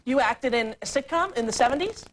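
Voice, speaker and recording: A woman hosting a studio talk show, bantering excitedly and laughing with a guest in front of an audience. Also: high voice, brisk. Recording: loud studio audience and noise.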